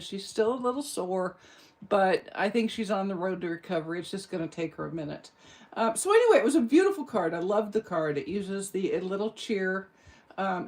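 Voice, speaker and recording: A woman demonstrating card-making in a casual tutorial, chatty and self-deprecating, with rambling asides. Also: mid-range voice.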